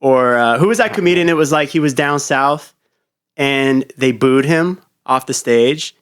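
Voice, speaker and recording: A man hosting a casual podcast, relaxed and quick to laugh, swearing now and then. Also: mid-range voice, clear, resonant tone. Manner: laid-back, laughs easily, swears casually. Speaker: podcast host. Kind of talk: casual chat.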